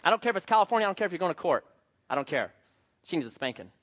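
A male pastor preaching a sermon in an animated, joking, conversational manner. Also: sits high, racing, muffled recording.

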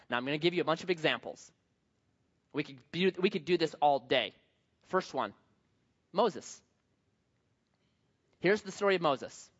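A middle-aged male pastor preaching a sermon, telling stories with lively acted-out quotes. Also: high-pitched, dull audio. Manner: animated storytelling with acted quotes.

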